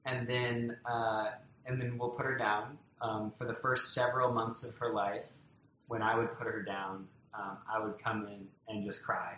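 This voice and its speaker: A man speaks tenderly about his young child, circling back with many restarts and fillers. His voice is bright and forward. The room is reverberant, with a faint hum of ambience behind him. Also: fairly low pitch, little pitch movement, normal speed. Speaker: parent being interviewed. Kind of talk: casual heartfelt conversation. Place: home in a loud neighborhood.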